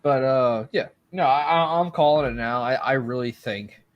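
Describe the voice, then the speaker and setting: A man's voice: medium pitch, moderate pace, muffled recording. A man co-hosting a casual podcast chat, sure of his predictions, with lots of "like" and "I mean.". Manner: confident predictions, filler-heavy. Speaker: podcast co-host.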